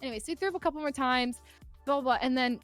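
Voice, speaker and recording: A woman's voice: sits high, very fast, faint music behind. A young woman in her twenties, a podcast guest telling a story casually and animatedly, full of "like" fillers.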